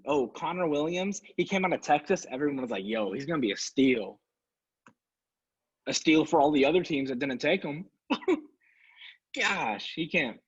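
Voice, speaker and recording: On a sports podcast, a male co-host rants in casual talk, sounding sarcastic and exasperated. His voice is medium-pitched with a breathy edge, and the recording has a dull lo-fi quality.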